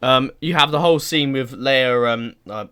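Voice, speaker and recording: A man's voice: mid-range voice, moderate pace, pushed and bright, smooth, no room sound, studio quality. A young man hosting a casual podcast, chatting about films and laughing often between remarks. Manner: laughs a lot, puts on silly accents. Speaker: podcast host.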